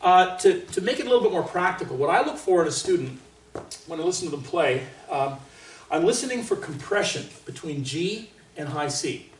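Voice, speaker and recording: A man from Canada leading a trumpet master class in a casual, joking way, with boastful asides and sudden loud exclamations. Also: on the high side, lively intonation, brisk, a little hiss or hum. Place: large room with an audience. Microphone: distant microphone. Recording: roomy, distant sound.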